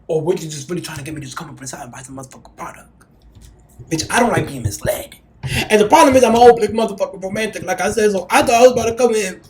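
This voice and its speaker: A woman's voice: mid-range voice, animated, rapid-fire, darkish tone. A woman hosting a podcast, telling a story in casual, blunt and profane talk and acting out the people she quotes. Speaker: podcast host. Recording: roomy echo.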